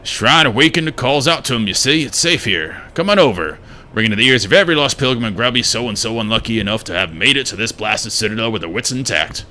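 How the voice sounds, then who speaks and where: A man voicing a gruff, grumpy male bug shrine keeper who scolds loudly in a game. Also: mid-range voice, animated, fast talker, slight background noise, pitched above the performer's own voice. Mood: grumbling. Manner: loud scolding, calls people louts.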